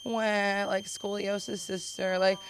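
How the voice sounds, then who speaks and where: A young woman rambles through a stand-up comedy set at a small club's open mic, tossing in rapid self-deprecating asides. She speaks at a medium pitch with a flat delivery, and faint room noise lingers beneath her.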